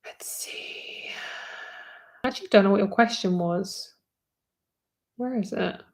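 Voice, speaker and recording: A woman's voice: medium pitch, normal speed, darkish tone. A young British woman, a tarot reader, chatting candidly with viewers on a live stream, swearing freely and saying "like" often.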